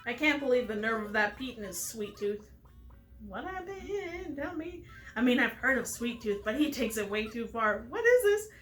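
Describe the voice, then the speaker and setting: A woman's voice: a little high, sing-song, moderate pace, soft background music. A woman voicing a bossy, judgmental older sister pelican with a put-on accent, tart and grumbly.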